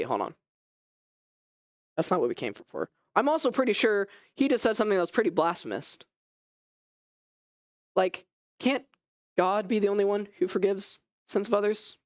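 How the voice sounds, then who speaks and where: A man preaching a first-person dramatic sermon as an animated storyteller whose voice rises and falls. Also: high voice, a little fast, pauses often, no room sound, studio quality. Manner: animated storytelling, voice rising and falling.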